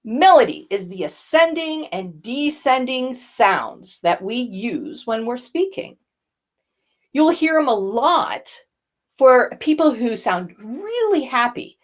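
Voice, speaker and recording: Older lady voice coach teaching, pitch swoops all over, kinda high. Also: slow. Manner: animated, demonstrates vocal effects as she explains. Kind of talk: teaching a voice lesson.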